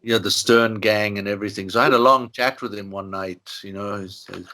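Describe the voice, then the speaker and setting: A man's voice: fairly low pitch, fairly even intonation, fairly quick, pushed and bright. An older man from Ireland, an interviewee, telling long stories in a rambling way with many "you know" asides. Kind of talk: relaxed storytelling interview.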